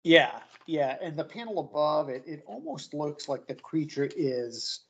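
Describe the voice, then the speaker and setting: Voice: mid-range voice, big pitch swings, a little slow, creaky, husky. A podcast co-host chatting casually about a comic, hesitant with many fillers. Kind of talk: casual chat reviewing a comic. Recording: slightly muffled lo-fi recording.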